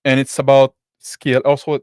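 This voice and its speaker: Halting non-native-English man, dry sound. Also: medium pitch, monotone, a little mellow, clear, resonant tone, no room sound. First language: not English. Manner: halting, restarts phrases, non-native grammar. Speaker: game master and podcast host. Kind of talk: casual discussion.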